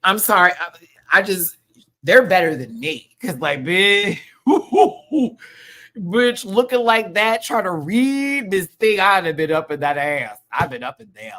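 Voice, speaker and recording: A man's voice: sits high, expressive, measured pace, pushed and bright. Sassy, ranting male show host. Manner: sassy, profane, heated ranting with slang. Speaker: show host reviewing a TV episode. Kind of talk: live review rant.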